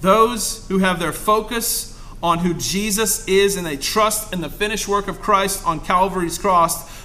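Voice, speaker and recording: A man's voice: high-pitched, a little slow, pushed and bright. A man preaching a fervent sermon as pastor to his congregation, rising to emphatic exclamations.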